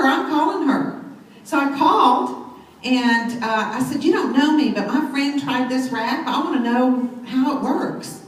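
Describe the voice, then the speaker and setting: A woman's voice: sits high, recorded from a distance. Enthusiastic woman in an echoey hall. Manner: enthusiastic, storytelling, addresses crowd. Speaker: speaker at a sales event. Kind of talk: motivational talk on stage. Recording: very echoey hall, mic set back, faint noise.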